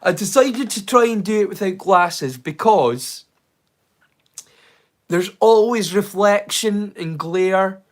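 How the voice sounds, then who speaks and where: Playful high-voiced Scottish man rambling. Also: lively intonation, slow pace. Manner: playful and rambling, slipping into silly rhymes and jokes. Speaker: host of a live watch-along stream. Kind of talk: casual livestream chat.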